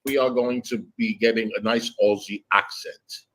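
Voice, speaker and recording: A woman's voice: a bass voice, steady tone, normal speed, fairly bright tone, rough recording. A woman hosting a gossip livestream, chatting casually in a sassy way and calling people honey and darling. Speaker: livestream host.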